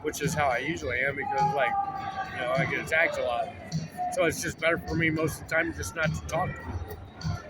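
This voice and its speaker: Brief: man, slightly high voice, rambling profane storyteller, music clearly behind. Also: steady tone, brisk. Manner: rambling, profane, full of "like" and restarts. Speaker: vlogger.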